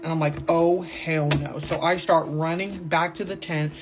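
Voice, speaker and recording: A young person telling a scary camping story casually, animated and swearing freely. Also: mid-range voice, moderate pace.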